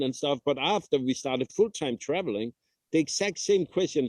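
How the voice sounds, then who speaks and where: A man, a traveling father, answering thoughtfully in a casual interview, pausing often with "uh". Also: a little high, a little mellow, dry recording. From Denmark. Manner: reflective, halting with frequent "uh".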